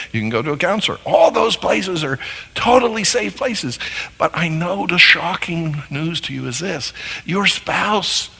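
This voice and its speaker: A man teaching on marriage as a counselor, sermon style, animated and acting out little scenes in different voices. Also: medium pitch, gravelly, breathy edge. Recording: long hall reverb.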